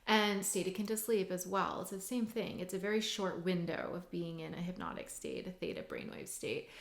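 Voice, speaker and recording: A woman's voice: on the low side, expressive, normal speed. A woman hypnotherapist and mindset coach teaching in a casual, chatty way, full of "like" and "you know". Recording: roomy echo.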